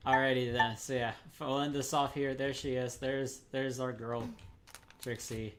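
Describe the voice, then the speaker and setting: A man's voice: mid-range voice, little pitch movement, moderate pace, very noisy. A man hosting a game development show, casual and easygoing, often laughing and restarting his sentences. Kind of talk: casual chat.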